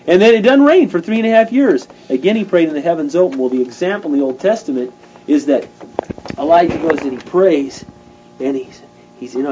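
A man's voice: fairly high pitch, expressive, brisk, dark tone, highs cut off, a little hiss or hum. A man preaching an informal sermon in a fervent, conversational way, acting out stories.

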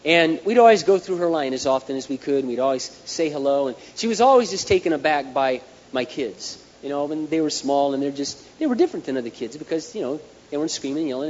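Male pastor, lively storytelling sermon, slightly high voice, dull echoey hall, faint hiss. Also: quick pace. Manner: animated storytelling, numbered points.

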